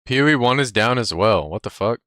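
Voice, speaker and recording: A man's voice: medium pitch, animated, fairly quick, a bit bright, dry recording, studio quality. A man streaming live, chatting casually in a brash, profane, cocky way. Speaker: livestreamer.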